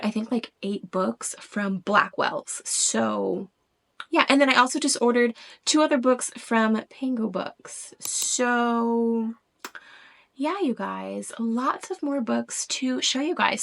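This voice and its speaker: A bubbly woman, talking casually about her book haul in a fairly high voice. She gushes over each find and sometimes sinks to an excited whisper. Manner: gushing, excitable, drops into whispers. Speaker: book vlogger.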